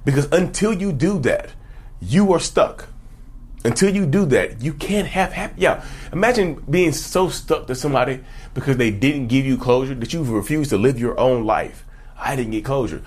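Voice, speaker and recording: A man's voice: medium pitch, animated, moderate pace, darkish tone, breathy edge. A man talking casually to camera as a self-help YouTuber, emphatic and preachy, firing off rhetorical questions. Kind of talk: casual direct-to-camera advice talk.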